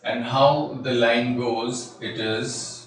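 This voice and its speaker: A man lectures on a poem at an unhurried pace, breaking up his points with "uh" fillers. He sounds a few steps from the mic, and the room around him rings with strong echo. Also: mid-range voice, fairly even intonation, slight background noise. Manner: slow and deliberate, with frequent "uh" fillers. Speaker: literature lecturer. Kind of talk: explaining a poem. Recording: very echoey room, distant mic.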